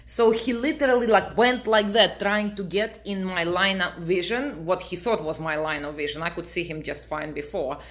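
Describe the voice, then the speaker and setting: Middle-aged woman vlogger, native Russian speaker, deadpan storyteller, lowish voice, bright and forceful tone. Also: normal speed, hardly any pauses. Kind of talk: casual storytelling to camera.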